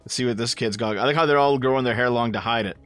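A man's voice: medium pitch, quick pace, fairly bright tone, smooth, faint music behind. Man in his thirties, blunt reactions. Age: 30s. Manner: blunt, profane, incredulous. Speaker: reaction video host. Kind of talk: casual commentary over clips.

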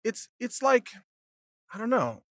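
A man's voice: very high voice, sing-song, a little slow, a bit bright, no echo. A man hosting a solo commentary monologue, talking in an indignant, sarcastic way and acting out mocking imagined exchanges. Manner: indignant, sarcastic, acts out mocking hypothetical dialogues. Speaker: commentary podcast host.

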